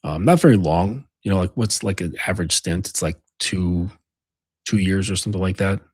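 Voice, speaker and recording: Husky, low-voiced man lecturing. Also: normal speed, darkish tone, no room sound, clean studio sound. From United States. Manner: profane, rambling, lecturing. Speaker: men's coach. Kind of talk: casual monologue.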